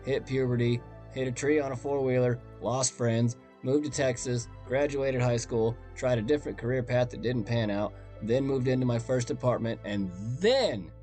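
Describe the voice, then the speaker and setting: A man's voice: mid-range voice, mellow. A man hosting a storytelling podcast, talking in a conversational, wry and self-deprecating way. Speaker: podcast host and narrator.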